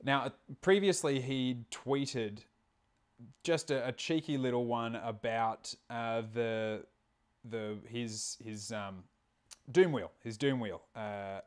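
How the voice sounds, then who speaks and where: A man's voice: mid-range voice, takes it slowly, smooth. A man hosting a casual livestream, laid-back and profane, rambling with plenty of fillers. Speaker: stream host.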